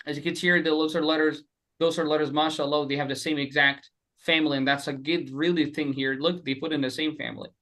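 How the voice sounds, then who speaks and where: Bright-voiced animated male teacher. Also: fairly high pitch. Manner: animated, repeats letters slowly for students. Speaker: Quran recitation teacher. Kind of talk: online group class. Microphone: webcam.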